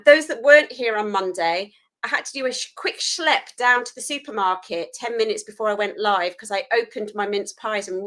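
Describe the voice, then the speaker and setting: A woman's voice: medium pitch, a bit bright, low-quality recording. A woman hosting a live food photography tutorial, chatty and self-deprecating while she works hands-on.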